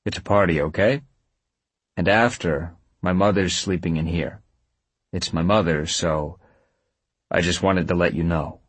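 A man voicing a kind young man who talks plainly and gently, a little awkward. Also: low voice, dry recording. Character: steady, kind young man talking to a ghost.

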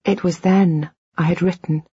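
A woman reading a first-person audiobook in a measured, reflective, quietly intimate way. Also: on the low side, steady tone, breathy edge, dry recording, muffled recording. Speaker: audiobook narrator.

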